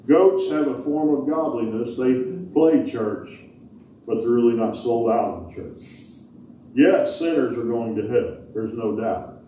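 A man's voice: medium pitch, unhurried, dark tone, a little hiss or hum. A man preaching a sermon as pastor, folksy and emphatic, asking the congregation rhetorical questions. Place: large church hall. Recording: echoey hall heard from a distance.

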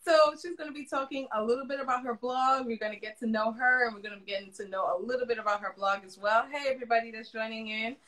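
A woman's voice: on the high side, steady tone, quick pace, hardly any pauses. Caribbean accent woman hosting a video call chat, rambly with lots of um and uh. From Florida. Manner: warm chatty, many fillers and restarts. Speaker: interview host. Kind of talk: casual video-call interview.

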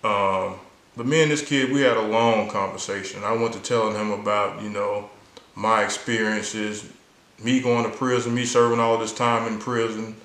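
A man's voice: on the low side, fairly even intonation, moderate pace, a bit bright, roomy sound, poor audio. A man earnestly telling a personal story in a casual, conversational way, acting out the people he quotes. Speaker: vlogger sharing a personal story.

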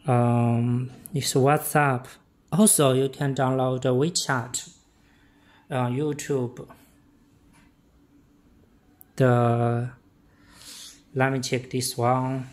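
Slow, flat-voiced man. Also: medium pitch. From China. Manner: halting, simple broken English with short phrases. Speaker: product demonstrator. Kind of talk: hands-on product demonstration.

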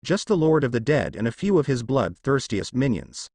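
A man's voice: medium pitch, big pitch swings, moderate pace, a little mellow, husky, no room sound. Man reading a jumpy satyr boy, defensive, dry close sound. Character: nervous young male satyr friend.

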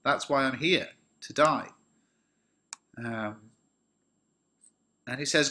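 A man in his thirties with an English accent teaches a play, reading quoted lines louder and higher and then dropping into relaxed, filler-filled explanation. His voice sits at a middling pitch. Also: slow pace, pauses often, noisy background. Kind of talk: lesson, reading and paraphrasing a play.

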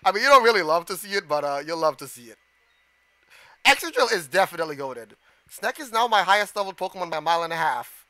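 A man livestreams a game with excitable commentary, gasping, shouting and swearing at the screen. His voice sits high and he talks fast, with no echo.

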